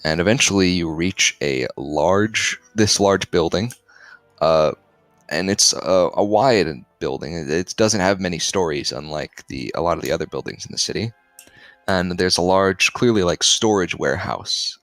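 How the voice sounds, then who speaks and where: A man narrates a live tabletop game in a very deep voice, pausing often. His voice sounds dry and close, with faint music underneath. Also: expressive, a bit bright, dry recording. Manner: hesitant, halting with fillers. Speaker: dungeon master. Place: home streaming setup.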